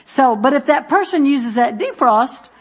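A woman preaches to her church in a folksy, rambling way, with a touch of brightness in her fairly high voice. She drifts through homey stories with fillers and chuckles, then settles into reading scripture aloud. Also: expressive, a little slow, slightly rough. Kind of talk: sermon with jokes and scripture reading.

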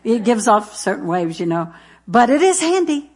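A woman preaches to her church in a folksy, rambling way, with a touch of brightness in her fairly high voice. She drifts through homey stories with fillers and chuckles, then settles into reading scripture aloud. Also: big pitch swings, moderate pace, husky. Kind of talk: sermon with jokes and scripture reading.

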